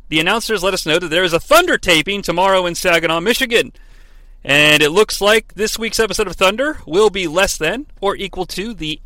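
A man's voice: high-pitched, bright, forceful tone, no echo. A man hosting a comedic wrestling recap podcast, narrating with wry, sarcastic asides.

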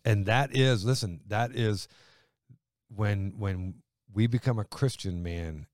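A man, a pastor, talking through scripture in an earnest conversational way, building to emphatic points and dropping low. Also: slow pace, darkish tone, dry recording, studio quality. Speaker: pastor co-host.

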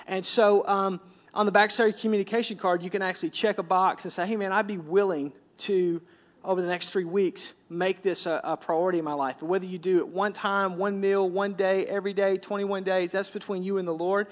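Middle-aged man, pastor, high voice, conversational sermon, repeats words, quotes scripture. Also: fairly even intonation, brisk. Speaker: senior pastor. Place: church sanctuary.

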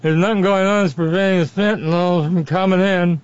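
A man's voice: high-pitched, steady tone, a little fast, clean tone, dry recording, pitched above the performer's own voice, lightly acted. A man putting on a slurring, rambling woman TV pundit who stumbles over words in outrage, on slightly muffled audio. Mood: outraged.

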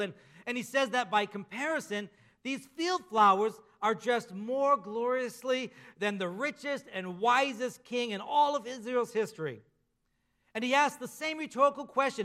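Male pastor, high bright voice, emphatic sermon delivery with drawn-out endings.

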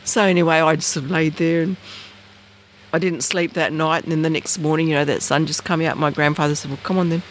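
A woman's voice: fairly quick, slight background noise. An Australian woman from Bathurst Island telling personal stories in an interview, rambling with fillers and acting out the voices of people she quotes. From Bathurst Island, northern Australia. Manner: animated, acts out quoted voices with big pitch jumps; rambling, many fillers and restarts. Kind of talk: casual storytelling.

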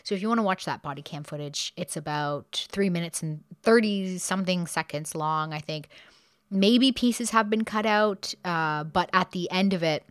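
A woman hosting a podcast, casually retelling a true crime case with quick asides and the odd laugh. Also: on the low side, no echo, studio quality. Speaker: podcast host.

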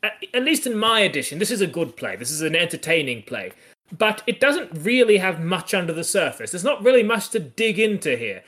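A man's voice: high-pitched, big pitch swings, fairly quick, a bit bright. A man co-hosting a podcast, talking through a classic comedy in a thoughtful, casual way with frequent restarts. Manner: thoughtful, restarts and hedges while analysing. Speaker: podcast co-host. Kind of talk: casual discussion of a classic play.

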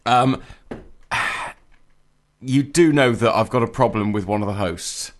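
A man's voice: medium pitch, unhurried. A man co-hosting a podcast, telling stories in casual comic chat with dry, mock-grand wit. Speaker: podcast co-host.

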